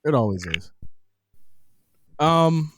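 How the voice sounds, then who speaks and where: Animated man hosting a chat podcast. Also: fairly high pitch, extremely slow, a little hiss or hum. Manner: animated, laughs often, slang-heavy. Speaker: podcast host. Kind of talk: casual chat.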